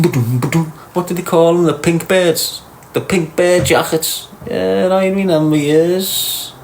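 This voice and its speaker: A man's voice: on the high side, a little hiss or hum. A middle-aged man with a Liverpool accent, hosting a livestream and bantering crudely with viewers as he reads their comments aloud. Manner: teasing, crude, slangy. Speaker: livestream host. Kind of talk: casual banter reading chat comments.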